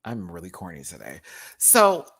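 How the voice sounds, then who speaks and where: A man's voice: low-pitched, moderate pace, creaky, husky. An American man hosting his own channel, reviewing a show in a casual live-stream rant, sassy and jokey. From United States. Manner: animated, sassy, jokey, with laughs.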